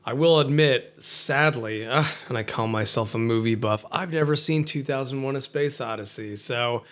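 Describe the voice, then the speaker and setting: A man's voice: medium pitch, normal speed, fairly bright tone. A man talking casually as a podcast guest, rambling through movie scenes with lots of fillers and restarts. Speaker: guest film buff.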